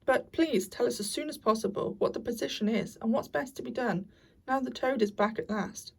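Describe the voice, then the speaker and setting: A woman voicing a sensible, cautious male water rat in a storybook reading, reasoning and calming the others. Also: on the high side, brisk, creaky, breathy edge, recorded from a distance. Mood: urging. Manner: reasoning, restraining.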